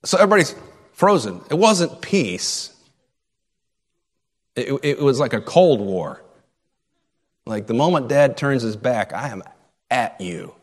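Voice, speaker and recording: A middle-aged man preaches in a church sanctuary, his voice swinging widely up and down and sitting a little high for a man. He drives his points home by repeating short phrases, and a long hall reverb trails after him. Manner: animated preaching, repeats key phrases for emphasis. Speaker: pastor. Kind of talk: sermon.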